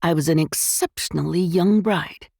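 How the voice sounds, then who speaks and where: A woman's voice: on the low side, normal speed, gravelly, dark tone, breathy edge, dry recording, clean studio sound. A woman voicing a vain, glamorous young widow who speaks with showy sarcasm. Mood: sarcastic.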